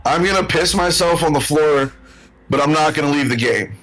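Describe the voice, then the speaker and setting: A man's voice: a little high, normal speed, a bit bright, rough recording. A man co-hosting a casual sports podcast, brash and boastful, trash-talking and daring others to argue. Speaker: podcast co-host.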